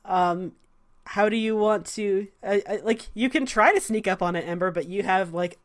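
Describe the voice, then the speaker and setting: A woman running a tabletop game as game master, rambling and laughing between halting explanations. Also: mid-range voice. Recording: live studio audience.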